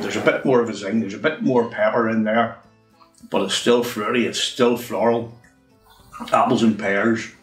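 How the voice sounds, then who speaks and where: A man reviewing a whisky in a chatty, unhurried way. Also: on the low side, far from the mic. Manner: chatty, unhurried, says "wee" often. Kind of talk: casual review monologue. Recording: roomy, from off the mic, faint music.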